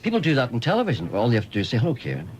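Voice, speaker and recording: Northern Irish male radio host, fast, animated, playful mimic. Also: mid-range voice, a little hiss or hum, poor audio. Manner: playful, mimics stagey voices. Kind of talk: radio interview.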